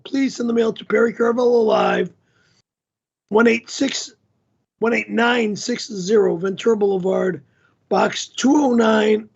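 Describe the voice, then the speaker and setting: Gravelly, husky male stream host. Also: high voice, dull audio. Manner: slow, halting plug reading with filler ums. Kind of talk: reading out social links and mailing address to close a live stream.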